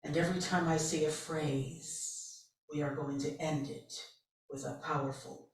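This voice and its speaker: A woman speaker leading a congregation through a slow, soothing guided affirmation in a church sanctuary. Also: sits low, fairly even intonation. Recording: roomy, far from the mic.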